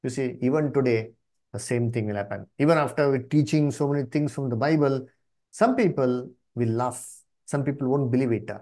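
A man's voice: medium pitch, a little fast, dark tone. A man preaching a Bible study sermon, who keeps asking the congregation questions, repeats their answers and calls on people by name to read.

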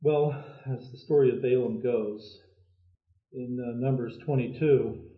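Male preacher giving a thoughtful, paused sermon; echoey and lo-fi. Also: mid-range voice, steady tone. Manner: measured, thoughtful storytelling with many pauses. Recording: echoey, phone-like lo-fi sound.

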